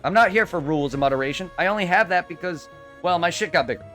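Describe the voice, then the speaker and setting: Brief: male streamer, fairly high voice, heated profane venting, soft music underneath. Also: fast. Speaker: game streamer. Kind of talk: live stream rant.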